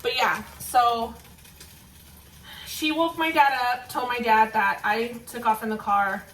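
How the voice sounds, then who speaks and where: A young woman vlogs from her home kitchen, chatting casually and swearing freely while telling a story as she cooks. Her slightly bright, fairly high voice stays steady and slow. The rough recording is echoey, with the camera mic placed away from her.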